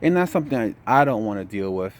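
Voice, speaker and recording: A tired young man telling a story in a casual vlog update, relaxed, saying "man" a lot. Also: lowish voice, quick pace. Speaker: trucking vlogger.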